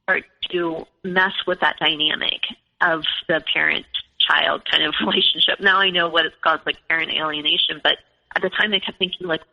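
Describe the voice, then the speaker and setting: A woman's voice: sits low, steady tone, normal speed, gravelly. Woman, 40s, podcast guest; chatty storyteller, constant fillers; lo-fi, reverberant audio. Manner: chatty, fills speech with "like" and "you know". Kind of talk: personal storytelling in conversation. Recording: lo-fi with long reverb.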